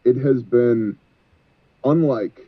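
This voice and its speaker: An exhausted man speaks as a guest with fervent, sermon-like conviction, quoting scripture. His voice is mid-pitched for a man. It comes through a thin, tinny call line. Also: takes it slowly. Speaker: guest, ministry leader. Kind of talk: preachy interview talk.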